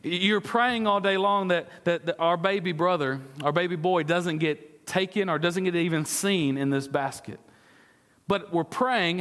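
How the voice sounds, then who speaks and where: A discipleship pastor preaches in a church sanctuary, his high, somewhat bright voice unhurried and ringing with big-room sound. He earnestly poses questions to the congregation and sometimes stumbles over repeated words.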